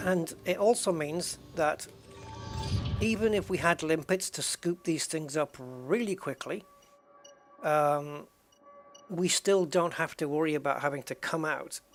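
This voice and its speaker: A casual game streamer talking through play live, thinking aloud and tallying things up as they go. The delivery is chatty and relaxed, with quick restarts and asides to viewers. The pitch sits in the middle of the range. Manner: thinks aloud, counts items and chats with viewers. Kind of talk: live gameplay commentary.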